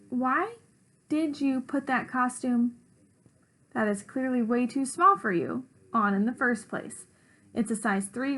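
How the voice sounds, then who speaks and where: A woman voicing a storybook mom grilling her kid with one exasperated question after another. It sounds close to an everyday adult voice, raised a bit in pitch. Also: a bit bright. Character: puzzled mother questioning her child.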